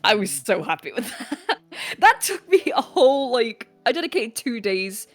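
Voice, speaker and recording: Giggly, lively woman voice actor. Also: a little high, normal speed, faint music behind. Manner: giggly, rambling, swears casually. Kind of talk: casual panel chat.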